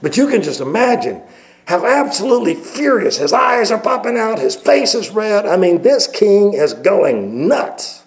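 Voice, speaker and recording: A man's voice: sits high, sing-song, measured pace, poor audio. A male pastor preaching at a microphone in a chatty storytelling way, with many fillers and restarts. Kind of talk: sermon.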